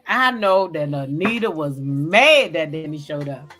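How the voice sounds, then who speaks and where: A woman's voice: medium pitch, expressive, a little slow, a bit bright, faint music behind. A woman hosting a casual livestream recap, chatting loosely, greeting viewers by name and cursing freely. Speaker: host.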